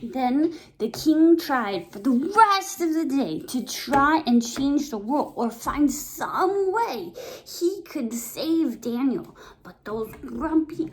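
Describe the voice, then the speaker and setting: A woman teaching Sunday school, telling a Bible story to children in an animated, playful way. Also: a little high.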